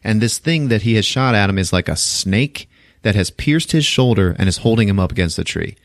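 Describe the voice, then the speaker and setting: A man's voice: on the low side, animated, brisk, no echo, clean studio sound. A man hosting a podcast, casually recapping a film in loose, profane storytelling and voicing the characters as he goes. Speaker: podcast host.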